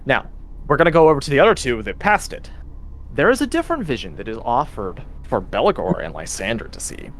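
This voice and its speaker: A man running a tabletop game as dungeon master, narrating with lively descriptions and quick rules talk. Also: medium pitch.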